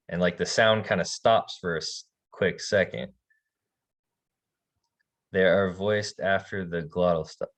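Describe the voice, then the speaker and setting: A man teaching a language class, relaxed, slowly demonstrating sounds with soft laughs. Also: deep voice, highs cut off. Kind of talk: online language lesson.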